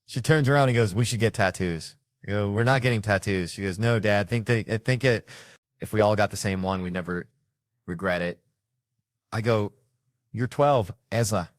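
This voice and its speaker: A man's voice: fairly low pitch, normal speed, no room sound. A middle-aged man doing a stand-up comedy set, telling brash, profane family stories and acting out the quotes.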